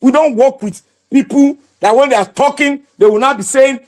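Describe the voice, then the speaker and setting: A man with a Nigerian accent hosting a livestream, giving impassioned, preachy commentary that bursts into shouting. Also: very high voice, animated, moderate pace, hardly any pauses. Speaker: livestream host.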